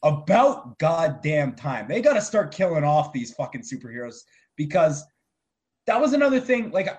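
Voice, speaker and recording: A young man chatting casually about a movie he liked, excitable and quick to swear. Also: fairly high pitch. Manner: excitable, swearing, laughing often. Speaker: movie reviewer. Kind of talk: casual movie review chat.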